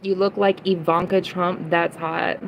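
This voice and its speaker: A woman's voice: fairly low pitch, level tone, measured pace, gravelly, slight background noise, low-quality recording. A young woman livestreaming, ranting at chat comments in a heated, profane way and repeating lines for emphasis. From United States.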